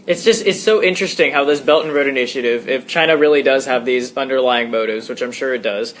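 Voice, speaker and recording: A man co-hosting a podcast in relaxed, conversational chat, reading excerpts aloud now and then. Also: mid-range voice, fast, slight background noise. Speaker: podcast co-host. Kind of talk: casual analytical chat.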